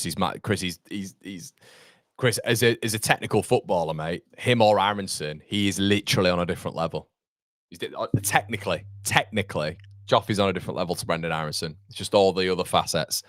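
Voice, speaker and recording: A man's voice: sits low, fairly bright tone, no room sound, studio quality. A man, hosting a live football watchalong and chatting bluntly, with the odd swear word. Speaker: fan channel host. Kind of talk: live match watchalong commentary.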